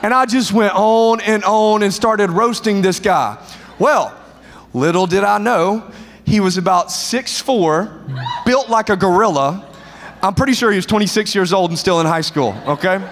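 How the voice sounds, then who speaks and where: A high-pitched pastor tells a funny story from the pulpit, energetic and self-mocking. His voice rings through a large hall with a long, trailing reverb. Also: normal speed, slight background noise. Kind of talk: humorous storytelling sermon.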